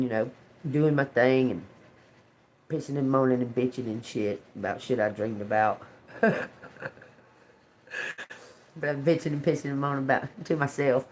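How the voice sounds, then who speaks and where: A tarot reader chats casually on a live stream from home into her phone, rambling, cursing and laughing through a story. Her voice is a rumbling low and a little mellow, with a bit of hiss or hum.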